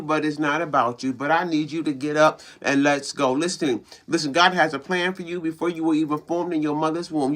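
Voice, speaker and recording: Bright, high-voiced male preacher. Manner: repetitive, emphatic, call-and-response preaching. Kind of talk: motivational sermon.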